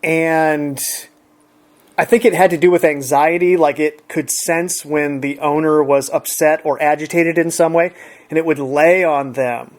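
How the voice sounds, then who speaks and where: A man's voice: fairly high pitch, steady tone, a little slow. A man relaxedly retelling an everyday encounter in a chatty, conversational way. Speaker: storyteller. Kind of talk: casual anecdote.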